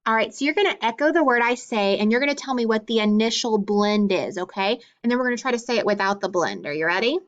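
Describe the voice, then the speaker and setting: A woman teaching a phonics drill, slowly and clearly sounding out letters and blends, with frequent encouraging praise. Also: on the high side, animated, highs cut off.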